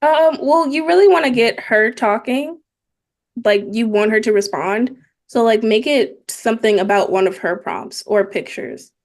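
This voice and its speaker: A woman guest in casual chat, speaking in a measured, hesitant way. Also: fairly high pitch.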